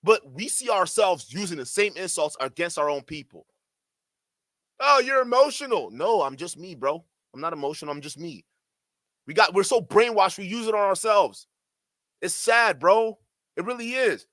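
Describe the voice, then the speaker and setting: Heated ranting man, bright tense voice. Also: high-pitched, moderate pace, no echo, clean studio sound. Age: adult. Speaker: streamer host. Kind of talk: livestream commentary.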